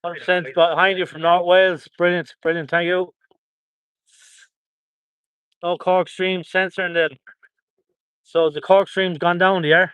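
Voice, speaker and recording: A man's voice: high-pitched, level tone, normal speed, fairly bright tone, smooth, dry recording. An Irish man chatting on a live stream, reading out viewer comments and thanking viewers by place in an upbeat way, outdoors at a protest on a phone held close. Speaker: livestreamer.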